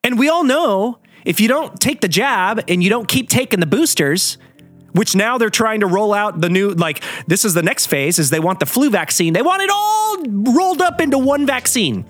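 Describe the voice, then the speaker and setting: A man's voice: high voice, animated, moderate pace, fairly bright tone, faint music behind. A man hosting a show, ranting heatedly in a profane solo monologue.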